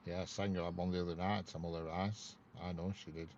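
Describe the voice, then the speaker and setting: A man's voice: sits low, little pitch movement, a little fast, darkish tone, a little hiss or hum. A man hosting a casual livestream, joking and greeting viewers by name. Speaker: livestream host. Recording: dull lo-fi sound, faint ambience.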